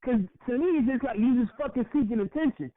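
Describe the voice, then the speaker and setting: A man's voice: very high voice, fast. Heated profane man on a tinny line. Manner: heated, profane, repeats words when worked up. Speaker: podcast co-host. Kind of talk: impassioned casual podcast rant. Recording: tinny phone-like audio.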